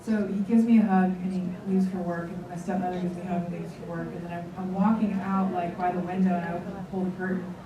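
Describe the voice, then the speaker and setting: A woman's voice: lowish voice, level tone, quick pace, hardly any pauses, dull audio, crowd noise. A woman in her forties, a seminar leader, telling a candid personal story to a seminar audience and acting out the dialogue. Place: large room with an audience. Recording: echoey room from far off, audience noise. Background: audience murmur.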